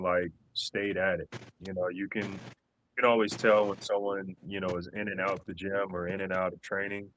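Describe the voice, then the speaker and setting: A man's voice: low-pitched, a bit bright, slight background noise, rough recording. A man co-hosting a podcast, talking in an easygoing, affirming way. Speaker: podcast co-host. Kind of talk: casual chat.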